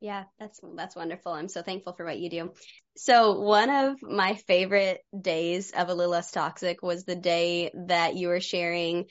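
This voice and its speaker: A woman's voice: fairly low pitch, steady tone, normal speed, dull audio. A woman hosting a podcast, chatting casually and enthusiastically with a guest. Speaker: podcast host. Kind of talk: casual interview chat.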